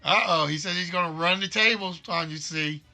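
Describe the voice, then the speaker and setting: A man hosting a live-streamed quiz game, reading questions slowly and repeatedly and teasing the players and chat playfully. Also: sits high, sharp tone, faint music behind. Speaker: game show host.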